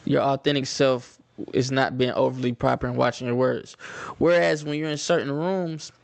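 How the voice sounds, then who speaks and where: Young man, Atlanta accent, easygoing vlog storyteller, middle pitch, dry close mic. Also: fairly even intonation, normal speed, creaky, no echo. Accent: Atlanta Southern US. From Atlanta, Georgia, US. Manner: conversational, repeats phrases, loose slang. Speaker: vlogger. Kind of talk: casual storytelling to camera.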